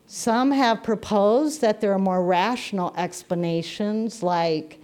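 A woman minister giving a sermon, telling stories with gentle humor. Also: medium pitch, slow.

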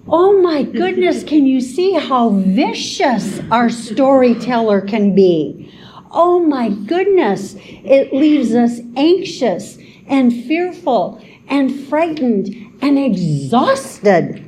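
A woman minister giving a spiritual talk in an expressive, dramatic way, with exclamations and call and response. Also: high voice, slow pace, slight background noise.

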